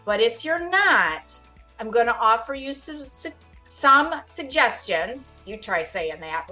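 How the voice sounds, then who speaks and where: Expressive higher-voiced woman podcast host. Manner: expressive, playfully dramatizes panic then soothes. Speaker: podcast host and Medicare advisor. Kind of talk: upbeat reassuring podcast monologue.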